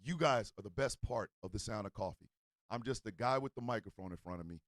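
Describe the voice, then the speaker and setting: A man's voice: on the low side, fast talker, fairly bright tone, no room sound. A man hosting a morning talk show, signing off with rambling, heartfelt thanks to his listeners. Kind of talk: casual sign-off chat.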